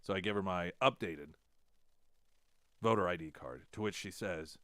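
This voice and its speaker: A low-pitched man hosts a talk radio show, recorded dry and close in the studio. He tells a story about himself in a chatty, self-mocking way, and he acts out both sides of the conversation. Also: moderate pace, pauses often, no echo. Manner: self-deprecating, animated retelling with quoted dialogue. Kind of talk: casual storytelling on air.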